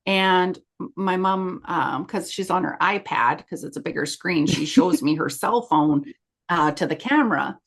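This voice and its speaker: A woman's voice: fairly low pitch, normal speed. Chatty middle-aged woman telling a story. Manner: chatty, acts out quoted dialogue. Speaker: podcast co-host. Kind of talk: casual storytelling chat.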